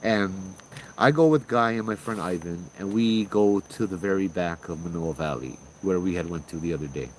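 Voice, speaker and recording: A man's voice: deep voice, moderate pace, a little hiss or hum, poor audio. A man telling a ghost story in a rambling, casual way on a livestream. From Hawaii. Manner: rambling, with many restarts.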